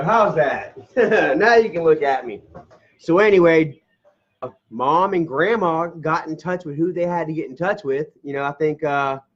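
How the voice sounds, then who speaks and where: Man close to tears, rambling family story. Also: a little high. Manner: rambling, tearful, laughing through tears, swears casually. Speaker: vlogger. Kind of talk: emotional personal storytelling to camera. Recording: dull lo-fi camera audio.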